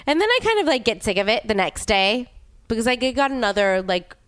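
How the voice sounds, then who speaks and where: Young female host, casual storyteller; smooth voice, dry close mic. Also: fairly quick, no echo. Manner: animated storytelling with many "like" fillers, leaps in pitch when exclaiming. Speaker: podcast host. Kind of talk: casual chat.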